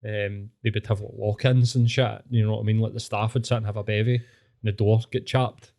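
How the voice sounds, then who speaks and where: Blunt Glaswegian man, mellow voice. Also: fairly low pitch, level tone, a little fast, gravelly. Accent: Scottish, Glaswegian. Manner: blunt, laughing, sweary. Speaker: podcast co-host. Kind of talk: casual chat.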